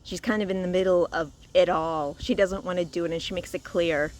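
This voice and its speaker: A woman from Louisiana giving a casual spoken review, chatty and expressive, recorded outdoors. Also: lowish voice, a little fast. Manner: chatty and expressive, with frequent laughs and sighs. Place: outdoors in a cemetery.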